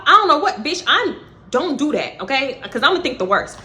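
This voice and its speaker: A woman with a Texas accent telling a casual storytime, animated, profane and dramatic. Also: sits high, brisk. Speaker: vlogger.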